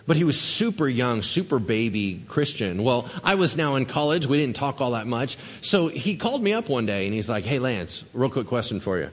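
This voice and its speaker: A middle-aged man preaches with lively, storytelling energy, now and then dropping his voice to act out quotes. His voice sits mid-range and rings out with a long reverb tail, as if he were in a big church hall. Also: mid-range voice, normal speed, hardly any pauses. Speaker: pastor. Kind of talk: sermon.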